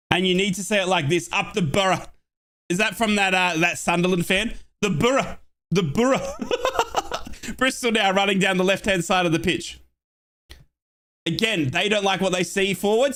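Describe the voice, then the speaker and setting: A young Australian man giving excited fan play-by-play on a football match and chatting with viewers from his home office. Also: high voice. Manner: excitable, shouts at chances, chats with viewers. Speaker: watchalong streamer.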